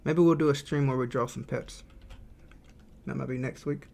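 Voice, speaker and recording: A man's voice: medium pitch, fairly even intonation, normal speed, vocal fry, a little mellow. A man streaming his indie game development, chatting casually and thinking aloud while he draws and reads chat.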